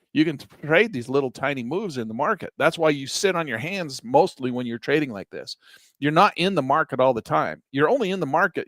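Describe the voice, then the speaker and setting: A middle-aged man giving a chatty screen-share lesson on day trading, calm in his explanations but now and then breaking into excited exclamations. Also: a little high, no room sound.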